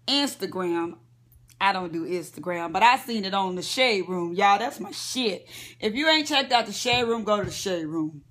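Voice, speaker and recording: A woman's voice: mid-range voice, a bit bright. A woman vlogger lying in bed at home, gossiping about celebrities in a chatty, profane way and talking straight to her viewers. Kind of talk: casual celebrity gossip rant.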